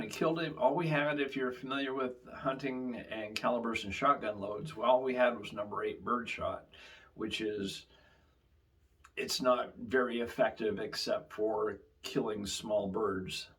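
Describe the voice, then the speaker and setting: A man's voice: medium pitch, a bit bright. A man hosting his channel, telling a casual story in a rambling way with frequent fillers. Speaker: channel host.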